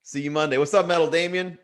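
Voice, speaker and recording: Male comic hosting a live stream, fairly high voice, casual and worked up. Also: fairly quick. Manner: animated, ranting and jokey. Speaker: comedian hosting a daily livestream. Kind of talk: casual livestream chat giving viewer shout-outs.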